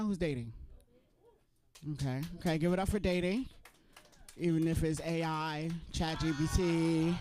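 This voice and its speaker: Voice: medium pitch, normal speed, a little mellow, a little hiss or hum. A stand-up comedian from New York, with a New York accent, doing a chatty open mic set and acting out other people's voices. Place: comedy club stage.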